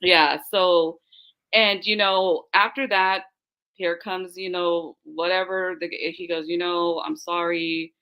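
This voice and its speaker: Young adult woman, podcast guest, slightly low voice, animated storyteller. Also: slow pace, clear, resonant tone, rough recording. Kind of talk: casual podcast chat.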